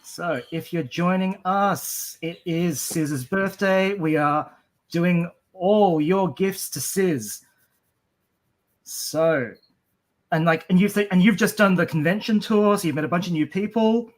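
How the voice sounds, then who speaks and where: A stream co-host and artist with a high voice speaks slowly while drawing for viewers on a live stream. His casual chat is upbeat and chatty, and he often trips over his words.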